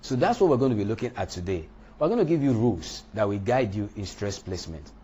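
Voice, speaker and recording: A man teaching a lesson on English word stress, speaking deliberately and punching out example words. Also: lowish voice, big pitch swings, dark tone, breathy edge. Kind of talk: lecture on English pronunciation.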